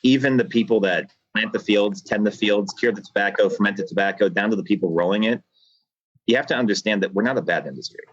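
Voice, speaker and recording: This cigar factory owner, appearing on a podcast by video call, talks fast in a lowish voice, going on passionately and rambling a bit in an earnest, reflective way. The video call sound is dull and lo-fi, with no echo.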